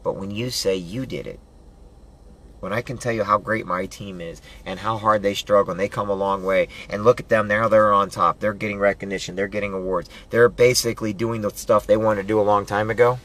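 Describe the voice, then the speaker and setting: A man giving a loud, preachy motivational pep talk, hammering home rallying commands and building up to yelling. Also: lowish voice, steady tone, brisk. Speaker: motivational vlogger.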